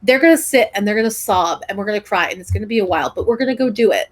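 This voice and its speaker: A young woman co-hosting a casual podcast, telling stories in an animated way, full of "like" and "um". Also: medium pitch, rapid-fire. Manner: animated storyteller, many "like" and "um" fillers. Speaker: podcast co-host. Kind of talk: casual chat.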